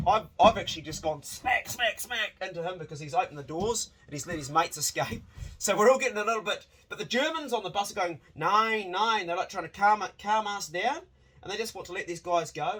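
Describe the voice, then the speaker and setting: A man telling a wild travel story in a casual, animated way, swearing freely and often restarting his sentences. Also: high-pitched.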